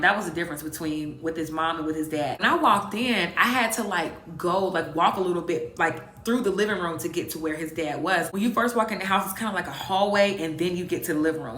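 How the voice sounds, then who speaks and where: A woman's voice: fairly low pitch, fairly bright tone. A woman in her twenties telling a dramatic, slang-filled story straight to her viewers in a casual vlog. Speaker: vlogger. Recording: echoey room.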